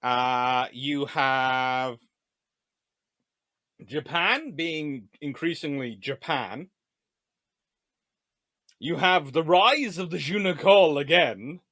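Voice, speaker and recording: A man giving a live-streamed history lecture. He talks in an animated, joking way and often wanders into digressions. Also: fairly high pitch, extremely slow, long pauses, no room sound. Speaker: history lecturer and channel host.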